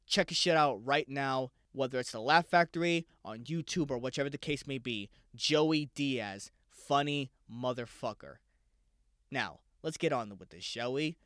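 A man's voice: medium pitch, unhurried, a bit bright, clear, resonant tone, no room sound, clean studio sound. A man hosting a casual solo podcast, rambling loosely and swearing freely. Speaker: podcast host.

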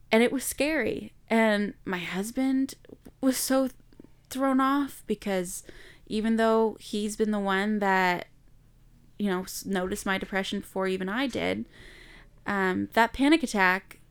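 A young woman speaks slowly and candidly, reflecting on a painful personal time for her podcast listeners. Her voice is smooth and resonant, with a gravelly fry at the ends of phrases. She is unhurried and earnest. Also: medium pitch. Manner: candid, reflective, slow and emotional. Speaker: podcast host. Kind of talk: personal storytelling monologue.

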